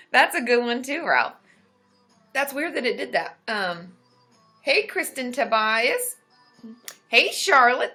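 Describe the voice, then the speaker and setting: Woman, live-stream host, bright voice, lively pitch, groggy morning chat, faint music behind. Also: moderate pace. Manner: chatty, greets viewers by name, loud high whooping cheers. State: just woken up, voice still groggy. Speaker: therapist hosting a live stream. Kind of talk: casual live-stream chat reading viewer comments.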